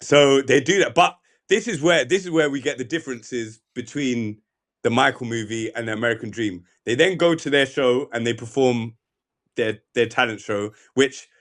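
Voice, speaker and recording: A young man hosts a casual podcast chat. He tells stories with lively swings in his voice and drops into quoted lines as he goes. His pitch sits in a middle range for a man. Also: moderate pace. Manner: animated storyteller, acts out quoted lines. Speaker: podcast host.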